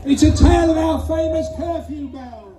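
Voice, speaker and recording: A man's voice: very high voice, fairly even intonation, moderate pace. A man narrating a folk play in rhyme, jovially teasing the audience. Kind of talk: rhyming storytelling to an audience. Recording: echoey distant outdoor stage with crowd.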